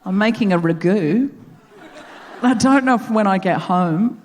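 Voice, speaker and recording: A man's voice: high-pitched, measured pace, a little mellow, voice pushed down. A woman voicing a laid-back young male Australian rideshare driver with a breezy, unbothered drawl. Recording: theatre reverb.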